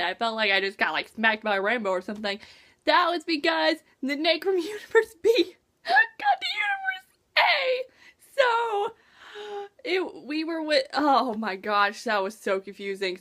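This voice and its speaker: Gushing young woman reviewing a book. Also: fairly high pitch. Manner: gushing, animated, quotes her own reactions. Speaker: book vlogger. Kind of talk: excited casual book review.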